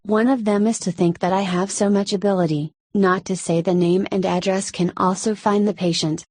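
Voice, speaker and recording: A woman narrating a first-person story in a measured, even reading voice. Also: medium pitch, no echo. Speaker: story reader.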